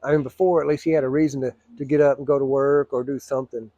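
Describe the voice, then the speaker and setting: A middle-aged man telling a personal story, blunt and profane, rambling with frequent throat clearing. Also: medium pitch, little pitch movement, fast talker, dark tone, no echo.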